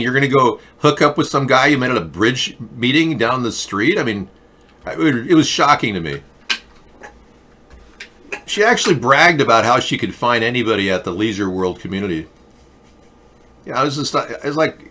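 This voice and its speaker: A middle-aged man hosting a talk show, delivering a rambling, mock-earnest monologue with a deadpan touch. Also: mid-range voice, normal speed.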